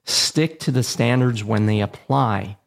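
A man hosting an instructional show on aviation radio communication, reading a measured, plain script with a dry touch of humor. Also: mid-range voice, gravelly, very noisy. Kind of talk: scripted educational narration.

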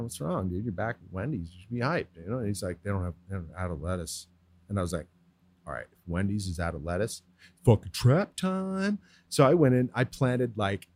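A man's voice: lowish voice, a little mellow, breathy edge, no echo. A man as a podcast guest, telling stories in casual, slang-heavy chat with lots of swearing. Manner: laid-back slangy storyteller, heavy swearing.

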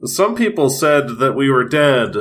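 A man co-hosting a casual podcast, making dry, deadpan jokes. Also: medium pitch, measured pace. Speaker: podcast co-host.

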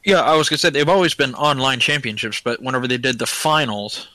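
A man with a Southern American accent, co-hosting a podcast and telling stories with animated voices. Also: medium pitch, fast, no room sound, rough recording. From Southern United States. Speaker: podcast co-host. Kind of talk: casual chat, storytelling.

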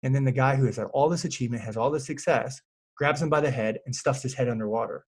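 Fast-talking man telling a story. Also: mid-range voice, slightly rough. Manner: animated storyteller, lots of fillers. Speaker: fitness coach. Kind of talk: casual podcast chat.

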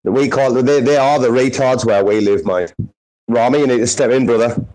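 A man's voice: mid-range voice, normal speed, a little mellow, rough recording. A man with a Sunderland accent hosting a casual chat, swearing heavily in rowdy banter. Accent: Sunderland English. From northeast England.

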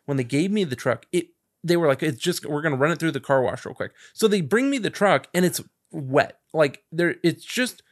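Higher-voiced man retelling an anecdote. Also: normal speed. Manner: animated retelling, acts out both sides of conversations. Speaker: podcast co-host. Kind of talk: casual chat.

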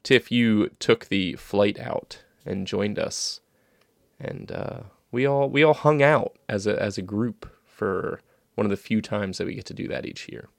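A man's voice: on the low side, unhurried, vocal fry, no echo, studio quality. A man hosting a casual podcast from home over a call, jokey and rambling, poking fun at himself. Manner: jokey, rambling, self-deprecating. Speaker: podcast host.

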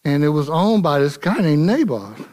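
A man pastor preaches a sermon in an animated, colloquial and humorous way. His voice sits high for a man and swings widely as he works the congregation. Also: normal speed.

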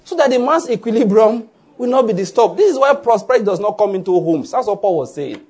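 A man pastor preaching a sermon with animated delivery, often checking "are you getting my point?". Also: high-pitched, quick pace, slightly rough.

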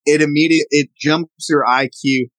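A man's voice: fairly high pitch, steady tone, normal speed, fairly bright tone, dry recording, low-quality recording. A man from the American South, a knife maker guest, explaining and showing his work in a casual interview. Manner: explanatory, demonstrating objects as he talks.

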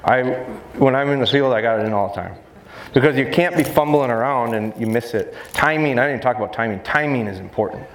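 A man, a dog trainer, giving a lively live seminar talk to an audience in a large expo hall, often joking. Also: fast. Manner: lively, jokey, acts out high baby-talk voices to dogs. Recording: echoey hall with faint noise.

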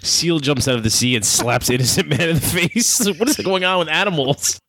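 A man's voice: a little high, normal speed, vocal fry, a bit bright, dry recording, studio quality. A man on a podcast, chatting casually and making playful, jokey interjections. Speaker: podcast guest. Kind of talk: casual chat.

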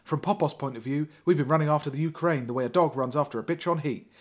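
A man's voice: on the high side, fast, close to an everyday voice. A man reading a grave female chancellor, no accent. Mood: ominous. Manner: plain reading voice, no accent attempted. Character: grave female European chancellor, warning and shrewd. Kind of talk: comic reading of a thriller novel.

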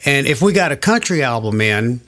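A man's voice: medium pitch, very animated, fairly quick, fairly bright tone. An older man recalling past recording sessions in an oral history interview, rambling and searching for names.

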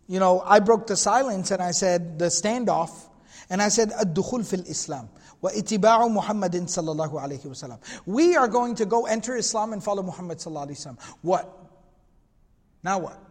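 A man giving a religious history lecture, reading passages in Arabic and retelling them in casual, animated storytelling. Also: high voice, long reverb tail. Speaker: Islamic lecturer.

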